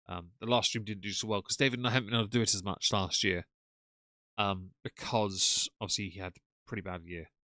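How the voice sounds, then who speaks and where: Low-voiced sarcastic man hosting a stream. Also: fairly even intonation, quick pace, pushed and bright, dry recording. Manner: sarcastic, mocking. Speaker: live-stream host. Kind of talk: casual live-stream commentary.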